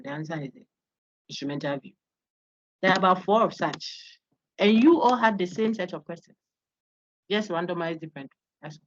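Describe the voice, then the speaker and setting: A woman lecturer walks her online class through quiz answers, explaining each option and calling on students by turn. Her voice sits low and comes through dry and slightly muffled over the call. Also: no room sound. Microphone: video call.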